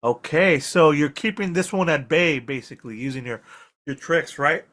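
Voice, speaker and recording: A man's voice: a little high, normal speed, a bit bright. Easygoing male game master. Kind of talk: running a tabletop game.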